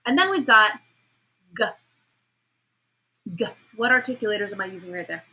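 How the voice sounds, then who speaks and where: A woman lecturing a class on vocal delivery, asking students questions and demonstrating sounds, pace and pauses herself. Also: medium pitch, very animated, pushed and bright, muffled recording. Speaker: speech instructor.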